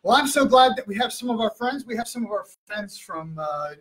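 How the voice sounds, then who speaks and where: A man's voice: high voice, animated, over music. A man leading a children's church session in an upbeat, casual way, a little out of breath, with lots of fillers. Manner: upbeat, filler-heavy, quick.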